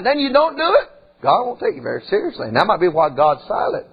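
A man preaching in a high, lively voice that climbs and dips all over. His talk is folksy and animated, peppered with asides to the congregation. The tone is slightly husky, and the recording sounds dull and lo-fi. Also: rapid-fire. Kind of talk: sermon.

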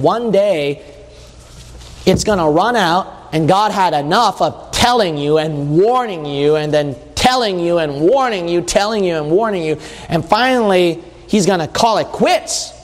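Male preacher, high voice, emphatic, drawn-out stresses then fast runs, church hall with long reverb. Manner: emphatic, asks the listeners questions; shifts between slow stresses and quick bursts. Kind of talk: sermon.

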